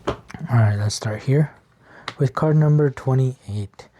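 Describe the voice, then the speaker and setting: A man's voice: medium pitch, slow pace, background noise. A man giving a casual, encouraging tarot reading to the viewer, often chuckling as he talks. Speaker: tarot reader.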